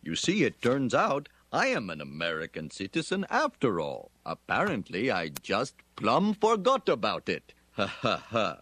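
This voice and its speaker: An Indian shopkeeper faking American. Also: male voice, lowish voice, wildly swooping pitch, unhurried, few pauses, a bit bright, no echo, exaggerated voice. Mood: forced cheer. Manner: overdone cheerful slang, awkward phrasing. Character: Indian shopkeeper man forcing a folksy American voice.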